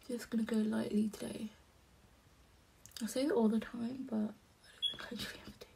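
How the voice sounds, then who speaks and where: A young woman talks her way through a makeup routine at home in a soft, half-whispered, chatty voice. Her voice sits slightly high and carries a gravelly fry. A faint hiss runs underneath. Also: flat delivery, a little fast. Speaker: vlogger. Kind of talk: casual chat while doing makeup.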